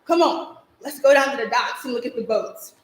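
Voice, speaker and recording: Cocky scrappy little street boy talking big, as a woman acts him out, fairly high voice, echoey stage sound. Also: normal speed, a little hiss or hum, natural voice. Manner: brash, teasing street talk. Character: cocky scruffy young neighborhood boy. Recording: echoey live stage recording.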